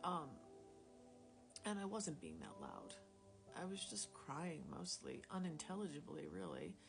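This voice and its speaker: Low-voiced woman telling a rambling testimony. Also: very animated, a little slow. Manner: rambling, self-deprecating, with quiet whispered stretches. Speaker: Christian storyteller sharing a testimony. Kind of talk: casual spoken testimony. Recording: music playing clearly behind the voice.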